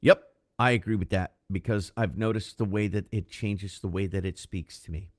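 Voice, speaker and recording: A man's voice: on the low side, steady tone, normal speed, no echo, studio quality. A man co-hosting a casual podcast who talks loosely and swears, with plenty of fillers, and thanks viewers as he goes. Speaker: podcast co-host. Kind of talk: casual chat on a livestreamed podcast.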